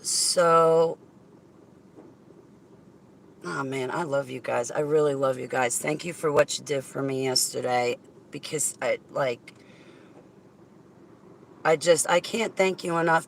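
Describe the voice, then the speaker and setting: A woman recording a casual, emotional video message to thank her viewers, rambling and effusive, with sudden loud exclamations. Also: deep voice, fairly even intonation, slow pace, vocal fry, pauses often.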